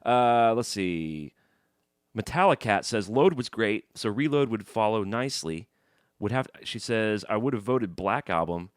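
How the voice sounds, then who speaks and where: A man's voice: lowish voice, lively intonation, a little slow, smooth, dry recording, studio quality. A man co-hosting a casual podcast, joking around and reading fan messages aloud. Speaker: podcast co-host.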